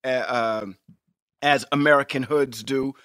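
A man co-hosting a podcast in casual chat, animated and emphatic, swearing freely. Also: mid-range voice, unhurried, clean tone, no echo, studio quality. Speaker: podcast co-host.

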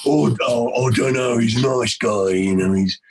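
A man's voice: medium pitch, moderate pace, husky, voice pushed down. A man doing a dim, mumbling tough guy. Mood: laid-back menace. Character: dim-witted easygoing man with a violent streak.

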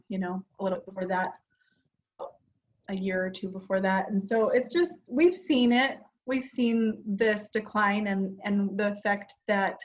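A woman's voice: medium pitch, muffled recording. A woman in her forties co-hosting a podcast, talking casually and earnestly with plenty of fillers. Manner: chatty and earnest, with frequent fillers. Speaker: podcast co-host. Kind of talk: casual chat.

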